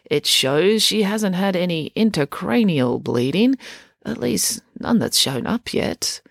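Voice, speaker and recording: A woman voicing a very old male doctor who speaks in a quavery voice with slow, patronizing tones. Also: fairly low pitch, lively intonation, vocal fry, dry recording, clean studio sound, pitched above the performer's own voice, full character voice.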